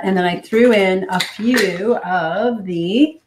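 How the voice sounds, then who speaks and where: Woman hosting a hurried kitchen demo. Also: mid-range voice, background noise. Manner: hurried, chatty, thinks out loud. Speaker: cooking show host. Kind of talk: live cooking demonstration. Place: home kitchen. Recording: roomy kitchen with clattering dishes.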